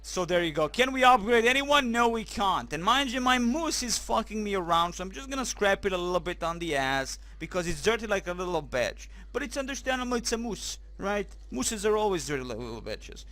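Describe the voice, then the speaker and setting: A high-pitched man commentates a game with a swooping, lively delivery. His voice is bright and forward, and his humour is crude and excitable. He keeps throwing in German phrases. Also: brisk, few pauses. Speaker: gaming commentator. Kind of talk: let's play commentary.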